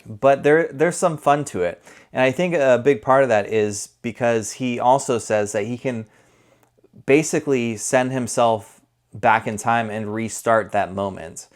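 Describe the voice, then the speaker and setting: A man talks through a film review in a relaxed, unscripted way, with a somewhat low voice. He rambles and corrects himself as he goes, like someone chatting to viewers. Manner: conversational, rambling with self-corrections. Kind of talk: casual spoken movie review.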